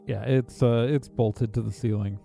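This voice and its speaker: A man narrating as game master in a relaxed, rambling way with plenty of fillers. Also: mid-range voice, moderate pace, gravelly, faint music behind.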